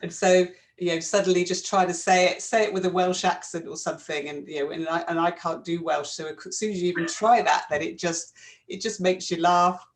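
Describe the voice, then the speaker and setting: A woman co-hosting a casual therapy chat, explaining ideas in a reflective, gentle way. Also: fairly low pitch, steady tone, fairly quick. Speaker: co-host, therapist.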